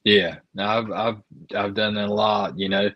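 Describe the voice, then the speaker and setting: A man's voice: lowish voice, fairly even intonation, moderate pace, no echo, highs cut off. A man co-hosting a casual chat, easygoing and talking with lots of "you know"s. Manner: easygoing, filler-heavy, with many "you know"s. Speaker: co-host.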